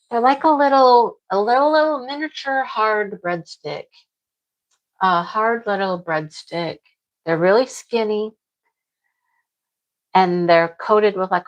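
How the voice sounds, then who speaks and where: A woman's voice: medium pitch, slow, long pauses, a bit bright, low-quality recording. Chatty woman crafting vlogger. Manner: chatty, rambling, repeats herself. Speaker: crochet vlogger. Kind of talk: casual chat to viewers.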